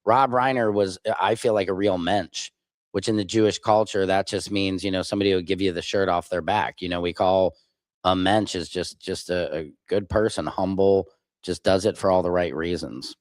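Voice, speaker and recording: A man's voice: deep voice, fairly even intonation, moderate pace, no room sound. A man hosting a live stream, giving blunt, opinionated reaction commentary. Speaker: streamer host.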